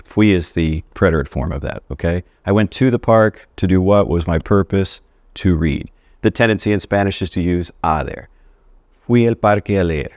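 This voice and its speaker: A man's voice: sits low, a little mellow, dry recording, studio quality. A man teaching a casual video lesson on Spanish grammar, chatty and friendly as he talks straight to his viewers. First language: English.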